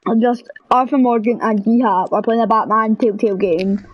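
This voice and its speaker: A woman's voice: a little high, steady tone, normal speed, dry recording, highs cut off. A woman chatting casually and scattered on a gameplay live stream. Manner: chatty, scattered, self-interrupting.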